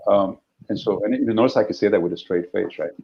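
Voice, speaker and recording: A middle-aged man, a guest actor, telling stories in an animated, anecdotal way during a casual interview. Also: fairly low pitch, fast, gravelly. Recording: dull lo-fi audio.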